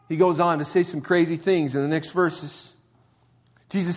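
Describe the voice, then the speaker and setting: A man preaching a sermon in a conversational style, dropping quiet and then rising to emphatic points. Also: fairly high pitch, normal speed. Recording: long hall reverb.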